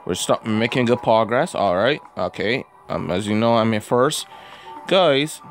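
A man hosting a gaming video who has a cold, giving casual gameplay commentary and yelling and groaning at the game. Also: lowish voice, unhurried, soft background music. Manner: excitable, yells and groans at the game. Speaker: gaming channel host.

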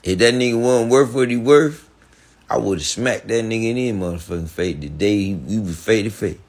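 A man telling a heated, profane story on a podcast, repeating himself and breaking into animated outbursts. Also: on the low side, moderate pace. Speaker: podcast guest.

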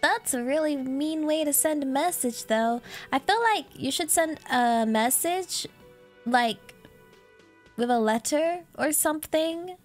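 A woman's voice: sits high, unhurried, soft background music. A woman streamer giving playful, rambling commentary while playing a game and reading its text aloud. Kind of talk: casual gameplay commentary.

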